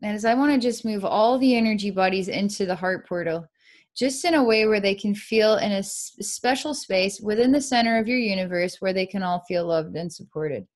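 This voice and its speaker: A woman psychic leading a live energy-healing session, speaking softly with frequent sighs and dreamy, repetitive descriptions of what she sees. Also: medium pitch, fairly quick. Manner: soft, sighing, repetitive, dreamy narration of visions.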